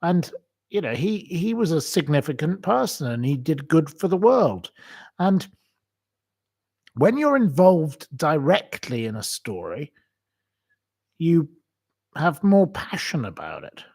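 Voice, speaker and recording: A slow-talking man on a live stream, ranting with open indignation and circling back to the same points. His voice swings widely up and down as he takes his time over each phrase. He is answering viewers' comments, deeply worked up. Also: very animated, gravelly, a little mellow, breathy edge. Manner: indignant, ranting, repeats himself. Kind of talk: emotional live-stream rant.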